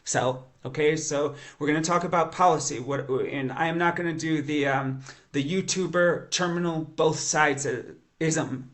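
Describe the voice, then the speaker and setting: Man, science teacher, somewhat high voice, eager conversational lecture, frequent restarts. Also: fairly bright tone. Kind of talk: educational lecture monologue.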